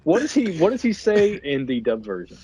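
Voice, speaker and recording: A man co-hosting a casual podcast chat about a film over beer, retelling scenes in a profane, animated way. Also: fairly high pitch, fairly quick, a little hiss or hum. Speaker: podcast co-host.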